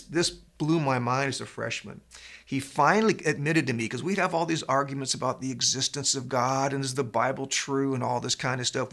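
A pastor delivers a sermon full of stories, told in an animated, conversational style. His voice is mid-range with a creaky quality.

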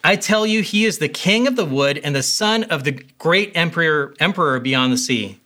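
A man's voice: a little high, lively intonation, moderate pace, bright, forceful tone. A man voicing a stern, insistent male talking beaver from a storybook reading. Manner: emphatic, insistent.

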